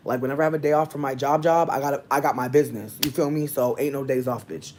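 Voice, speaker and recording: A vlogger unloads a story to camera from home, swearing freely and lurching between low muttering and loud, excited bursts. The voice sits in a middle register, and a faint background noise sits under it. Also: quick pace, hardly any pauses. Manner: profane, heavy swearing. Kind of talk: casual rant to camera. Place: indoors, at home near a window.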